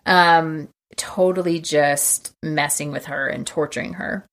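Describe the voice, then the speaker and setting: A woman co-hosting a podcast, retelling a film scene by scene in a casual, animated way and acting out the quotes. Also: deep voice, takes it slowly. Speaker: podcast co-host.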